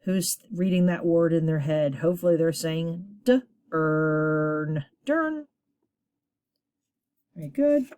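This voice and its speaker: A woman teacher leading a children's reading lesson, encouraging her class and sounding words out slowly at a board. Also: on the low side, steady tone, warm tone, no room sound, studio quality.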